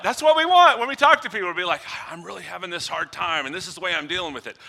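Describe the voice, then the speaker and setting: Bright-voiced animated man preaching. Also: fairly quick, gravelly. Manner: animated preaching that swings between soft low lines and loud emphatic ones; acts out little dialogues with humor. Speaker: pastor. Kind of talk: sermon.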